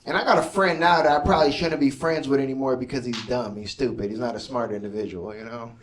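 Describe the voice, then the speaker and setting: A man's voice: mid-range voice, fairly even intonation, fast, far from the mic, poor audio. A man doing a stand-up comedy set, telling loose stories full of swearing and offhand asides. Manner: loose storytelling, profane, laid-back asides.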